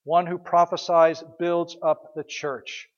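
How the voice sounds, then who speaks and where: Male pastor, high voice, conversational sermon with rhetorical questions, dull lo-fi recording. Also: level tone, takes it slowly. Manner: conversational storytelling, repeats words, rhetorical questions.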